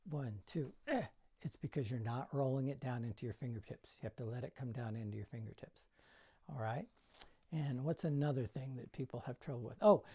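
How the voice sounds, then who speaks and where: An older juggling coach gives a casual tutorial in a bedroom, counting throws aloud while he demonstrates. His medium-pitched voice has a dark tone, and he coaches in plain, encouraging words.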